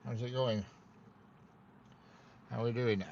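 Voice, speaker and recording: A man's voice: fairly low pitch, moderate pace, creaky, pauses often, darkish tone, a little hiss or hum. A man hosting a casual livestream, joking and greeting viewers by name. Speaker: livestream host. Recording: dull lo-fi sound, faint ambience.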